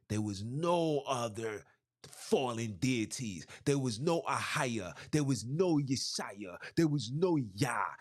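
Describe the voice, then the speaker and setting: Animated preaching podcast man. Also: mid-range voice. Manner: emphatic, repeats lines, rhetorical questions. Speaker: podcast host. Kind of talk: preaching-style scripture commentary.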